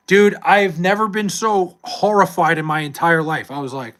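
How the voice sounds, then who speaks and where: A man's voice: high voice, a little slow, a bit bright. A young adult man streaming live, chatting casually with viewers and reading chat, loose and profane with frequent laughs.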